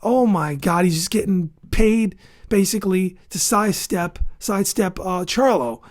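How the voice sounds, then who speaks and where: Medium pitch and a slightly slow pace mark this boxing show host. Ranting with heated opinions and repeated insults for emphasis, he stops between outbursts to skim an article and read it aloud.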